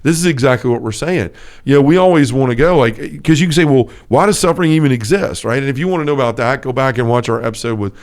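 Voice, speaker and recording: A man's voice: mid-range voice, quick pace. A man co-hosting a casual faith podcast, telling stories earnestly with lots of fillers. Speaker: podcast co-host.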